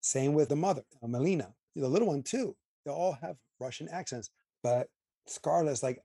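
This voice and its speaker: Recorded with clean studio sound and no room sound, a man with a fairly high pitch speaks at a moderate pace. He's a podcast co-host in a casual movie review chat, airing his gripes in an opinionated, emphatic way with animated asides.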